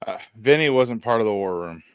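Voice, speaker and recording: Joking podcast host, dry close sound. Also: male voice, on the low side, lively intonation, brisk, clear, resonant tone, dry recording. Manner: joking, playful. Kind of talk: casual chat.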